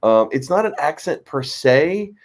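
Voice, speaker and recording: A man's voice: a little high, very animated, unhurried. A man from Western Pennsylvania chatting casually, in a rambling, hesitant way full of fillers. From Western Pennsylvania, United States. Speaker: co-host friend. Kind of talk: casual conversation.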